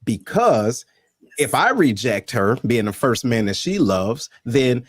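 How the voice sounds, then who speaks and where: A middle-aged man hosting a casual talk, speaking with lively, emphatic, preacher-like conviction. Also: mid-range voice, measured pace, breathy edge, dry recording, clean studio sound. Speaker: host. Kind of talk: casual chat.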